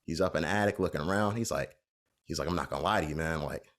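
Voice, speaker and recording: A man's voice: very deep voice, fast, a bit bright. A man co-hosting a podcast, telling a long story in a casual, rambling way with lots of fillers. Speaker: podcast co-host.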